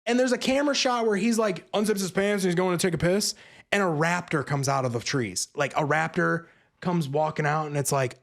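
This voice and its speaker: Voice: mid-range voice, fairly quick, gravelly. A movie reviewer ranting casually and sarcastically, swearing freely and acting out characters in passing. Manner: profane, exasperated, sarcastic; acts out characters mid-rant.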